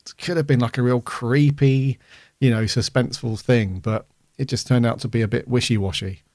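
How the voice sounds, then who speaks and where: A podcast co-host chats casually in a review-style conversation, rambling and hesitant with plenty of fillers. His mid-range voice is steady, a little mellow and moderately paced, captured with studio quality and no room sound.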